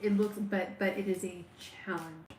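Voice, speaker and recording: A woman giving a live tarot reading on a stream, speaking warmly and straight to the viewer, with many halting restarts and fillers. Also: medium pitch, steady tone, reverberant, slight background noise, poor audio. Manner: warm, personal, talks straight to the viewer. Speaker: tarot reader.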